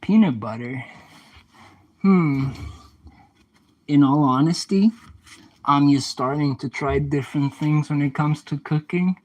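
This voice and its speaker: A man's voice: fairly high pitch, measured pace, pauses often, poor audio. A young man livestreaming casually, chatting back to viewer comments and playfully trash-talking an oven as he cleans it.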